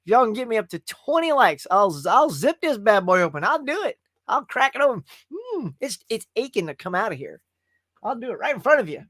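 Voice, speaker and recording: A man's voice: very high voice, very animated, fairly quick, a bit bright, no echo, studio quality. A man hosting a live movie chat stream, casual and folksy, chatting straight to his viewers. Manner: chatty and folksy, often calls viewers "y'all".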